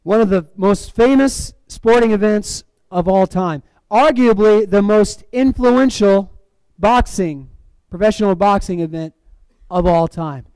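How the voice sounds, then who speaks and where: A man preaching a sermon in a church, animated, swinging from loud emphatic lines down to quiet, dramatic drops. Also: high-pitched, unhurried, few pauses, clear, resonant tone, no room sound, low-quality recording. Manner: acts out movie quotes.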